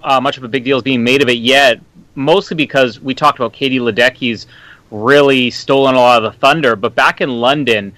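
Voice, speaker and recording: A man's voice: medium pitch, brisk, sharp tone, no echo, low-quality recording. A man from Canada co-hosting a casual sports chat podcast, making wry, dry jokes. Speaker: podcast co-host.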